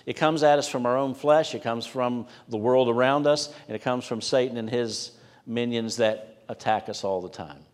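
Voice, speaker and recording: A pastor preaching a sermon in an earnest, conversational way, often letting his voice drop softly at the ends of lines. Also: medium pitch, fairly even intonation, normal speed. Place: church sanctuary. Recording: long church hall reverb.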